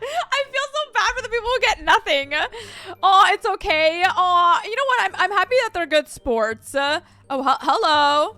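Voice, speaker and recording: A young woman hosts her own gaming video, chatting casually with viewers as she plays. Her voice sits very high and sounds bright and sparkly. She is bubbly and excitable, with frequent gasps and giggles. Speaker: gaming YouTuber. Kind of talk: casual gameplay commentary.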